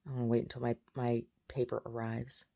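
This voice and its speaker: A woman's voice: very deep voice, little pitch movement, a little fast, vocal fry, dark tone. A woman vlogging in a rambling, chatty way, jumping between topics. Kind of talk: casual chat.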